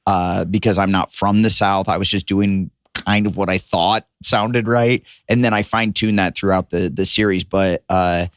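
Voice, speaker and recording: A man on a podcast as a comedian guest, telling stories in a lively, profane, casual way. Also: sits low, normal speed, few pauses, clean tone, no room sound, studio quality. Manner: animated, profane storyteller.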